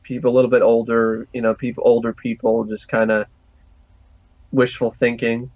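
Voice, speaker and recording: A man co-hosting a podcast in relaxed casual chat, agreeing and chiming in. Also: medium pitch, moderate pace, no echo. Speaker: podcast co-host. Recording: dry, slightly muffled mic.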